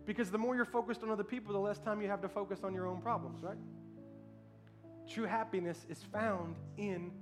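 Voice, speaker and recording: A pastor telling a story in a sermon, building to loud, emphatic preaching and asking the congregation for amens. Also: male voice, high-pitched, steady tone, fairly quick, over music.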